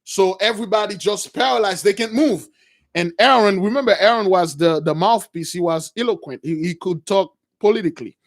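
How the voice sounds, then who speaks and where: High-voiced man retelling a story. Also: a little fast. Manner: animated, addresses listeners as brothers. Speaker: preacher, storyteller. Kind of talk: casual retelling of a religious story.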